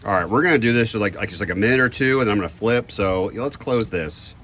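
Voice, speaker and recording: A man's voice: lowish voice, expressive, fast, a bit bright, a little hiss or hum. A man in a casual cooking vlog, chatty and self-deprecating, thinking aloud as he grills outdoors. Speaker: home cook.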